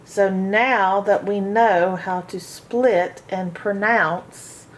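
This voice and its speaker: A woman teaching a phonics lesson to children, sounding out each word slowly, syllable by syllable. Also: medium pitch, fairly even intonation. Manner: slow, sounding out syllables one by one. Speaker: reading teacher.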